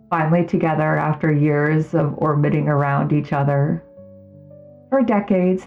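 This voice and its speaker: Low, gravelly woman narrating a podcast. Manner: measured, reflective narration. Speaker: podcast host. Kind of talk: scripted narration. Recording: tinny phone-like sound with faint music.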